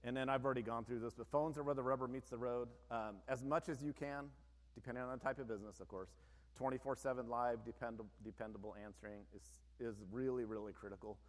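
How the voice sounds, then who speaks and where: A man's voice: mid-range voice, fairly even intonation, fast. A man who owns a business, giving an informal, plain-spoken presentation to an audience, with frequent conversational asides. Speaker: business owner giving a talk. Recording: long reverb of a large hall.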